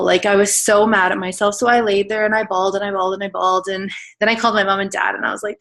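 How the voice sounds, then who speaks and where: A fast-talking woman in her thirties with a medium pitch, level tone, and fairly bright sound. As a team-call guest, she shares an earnest, emotional personal testimony in casual, filler-laden speech.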